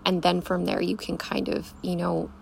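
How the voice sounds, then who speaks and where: A woman's voice: lowish voice, flat delivery, moderate pace, creaky, slight background noise. A young woman hosting a podcast, giving an emphatic, casual motivational talk, swearing freely and calling the listener babe. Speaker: podcast host, coach.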